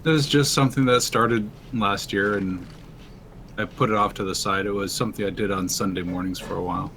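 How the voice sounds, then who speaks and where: A man with a fairly low voice chatting as a guest on a game stream. He rambles easily, pausing with "um" and "uh" as he goes. A faint noise sits behind him. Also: steady tone, fairly bright tone. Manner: laid-back, rambling, many "um"s and "uh"s. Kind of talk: casual voice-chat conversation.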